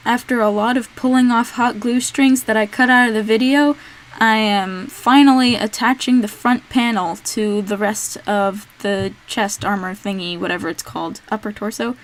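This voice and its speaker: A woman's voice: on the high side, steady tone, moderate pace. A teenage girl narrating her cosplay build in a casual, unscripted vlog, rambling with lots of "um"s and poking fun at herself. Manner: rambling, unscripted, self-deprecating with frequent "um". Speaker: cosplay vlogger.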